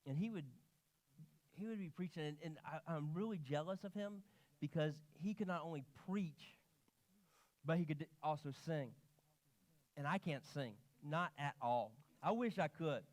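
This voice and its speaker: A pastor delivers a lively sermon in a church, his voice pitched a little high for a man. He tells stories with animated energy and acts out the people he quotes. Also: moderate pace. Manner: animated storytelling, quoting himself and others. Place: church sanctuary.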